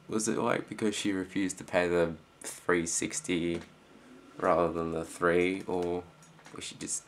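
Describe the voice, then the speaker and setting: Low gravelly Australian teen boy. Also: level tone, takes it slowly, long pauses, a little hiss or hum. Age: teens. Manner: rambling, many fillers, trails off quietly. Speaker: student vlogger. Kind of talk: casual rambling reply to a friend.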